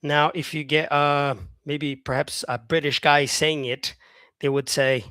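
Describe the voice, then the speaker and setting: A man's voice: a little high, little pitch movement, a little slow, pushed and bright, smooth, no echo. A man teaching English on a live stream, chatting with viewers by name, saying "yeah" often and modelling words by repeating them.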